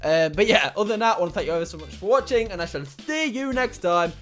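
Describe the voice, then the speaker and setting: An excitable man with a fairly high voice chats through an online quiz on his own channel. He rambles, swears casually and laughs at his own jokes, with faint music playing behind him. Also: fast talker. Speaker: YouTuber.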